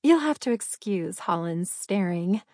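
A woman's voice: fairly low pitch, lively intonation, measured pace, darkish tone, no room sound, studio quality. Woman putting on a sugary catty waitress. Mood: flirty, mocking.

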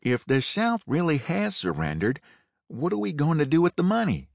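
A man's voice: on the high side, wildly swooping pitch, normal speed, vocal fry, dry recording, clean studio sound, voice pushed up, exaggerated voice. A man voicing a principled young ex-soldier cowboy who speaks firmly and earnestly.

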